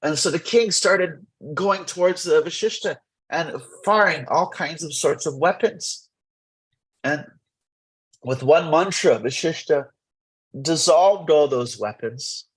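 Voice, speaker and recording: A man teaching a morning scripture class in a temple, retelling an old legend in an animated, rambling way. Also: a little high, slow, husky, low-quality recording. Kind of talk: lively storytelling scripture class.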